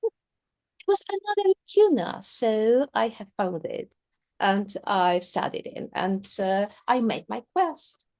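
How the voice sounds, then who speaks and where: A woman's voice: mid-range voice, very animated, slow pace, darkish tone. Careful woman speaking English. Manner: careful, searching for words, non-native phrasing. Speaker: guest lecturer. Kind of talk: answering audience questions. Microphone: video call.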